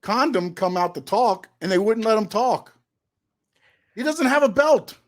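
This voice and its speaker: A man co-hosting a casual wrestling podcast, skeptical and argumentative, firing back quick questions. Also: high-pitched, lively intonation. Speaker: co-host.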